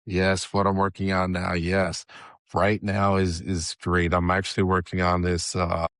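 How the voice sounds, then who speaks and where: A man's voice: sits low, monotone, unhurried, a bit bright, no echo, clean studio sound. A middle-aged man with a Southern US accent, talking casually as a podcast guest, hesitant with many restarts. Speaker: podcast guest, software engineer. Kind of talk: casual interview chat.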